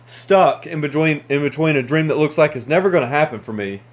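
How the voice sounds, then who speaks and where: Brief: man with a fairly high voice, earnest motivational storyteller, restarts words. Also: brisk. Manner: earnest, conversational, frequent restarts. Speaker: motivational speaker.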